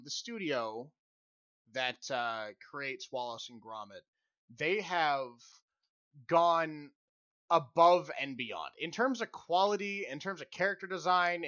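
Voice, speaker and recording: A man co-hosting a podcast who takes his time, drifting through hesitant ums in a bright voice that rises and falls widely. The audio is slightly dull and lo-fi. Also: fairly high pitch, clear, resonant tone, no echo. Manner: unhurried, playful, hesitant with many ums. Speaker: podcast co-host. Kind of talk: casual chat.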